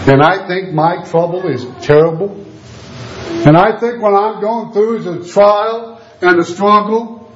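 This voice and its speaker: High-pitched male preacher, fiery rhetorical questions, roomy echo, bit of background hiss. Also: a little slow, dull audio. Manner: impassioned, rhetorical questions, wide swings in pitch. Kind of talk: sermon.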